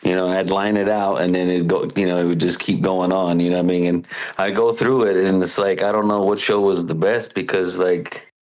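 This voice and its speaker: A longtime caller talking in a rambling, halting way, full of fillers and restarts. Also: male voice, deep voice, little pitch movement, darkish tone, rough recording. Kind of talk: casual call-in chat.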